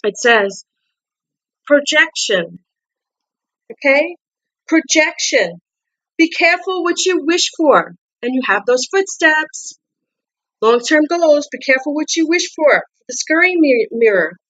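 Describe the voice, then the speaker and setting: Speaking slowly with long pauses, a woman whose voice sits high and a bit bright swings widely in pitch as she reads tarot cards casually. Her English carries a non-native accent, she often repeats and restarts words, and she asks coaxing questions; the recording is rough.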